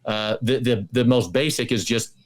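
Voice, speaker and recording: A man's voice: medium pitch, steady tone, normal speed. A man as a guest in an interview, talking casually and eagerly, often restarting and repeating words. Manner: enthusiastic, many restarts and repetitions.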